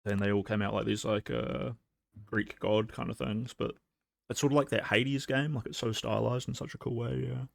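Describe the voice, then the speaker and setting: A man's voice: medium pitch, fairly even intonation, moderate pace, creaky, no room sound. A young man hosting a casual livestream, rambling with lots of fillers and laughing between thoughts. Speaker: livestream host.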